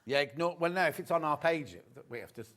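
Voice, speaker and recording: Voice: mid-range voice, animated, fast talker, a bit bright. A presenter on a live shopping-channel show in a TV studio. The presenter chats, asks a guest curious questions and reads out viewer messages.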